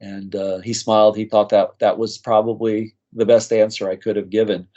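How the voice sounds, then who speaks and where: A man's voice: on the low side, flat delivery, moderate pace, dark tone, dull audio. A man, a nurse practitioner being interviewed, telling heartfelt stories in a conversational way and acting out the people he quotes. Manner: earnest, moved, acts out quoted voices. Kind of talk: conversational storytelling.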